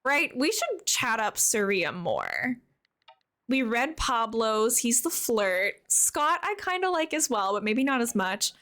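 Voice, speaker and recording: A woman's voice: a little high, very animated, slow pace, sharp tone. A young woman chatting casually as a live streamer while playing, bubbly and talkative, answering her viewers.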